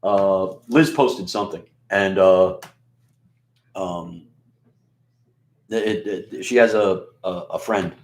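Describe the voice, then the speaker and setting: A New York radio and video host with a scratchy, rustic voice and a mixed Queens and Bronx accent rambles through a profane, casual monologue full of fillers and restarts. His voice is low and a little mellow, and he takes it slowly with long pauses. The room has a roomy echo.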